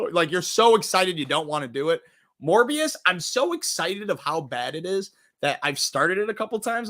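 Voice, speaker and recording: A man's voice: on the high side, expressive, moderate pace, a bit bright. A man hosting a casual movie review show, talking animatedly, swearing freely and acting out quotes.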